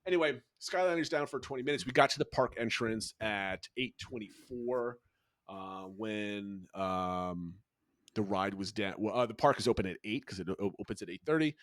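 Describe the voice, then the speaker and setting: A middle-aged man co-hosting a podcast, telling trip stories in a lively chatty way with frequent restarts. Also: fairly low pitch, normal speed, no room sound. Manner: animated storytelling with frequent restarts. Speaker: podcast co-host, father. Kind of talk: casual chat.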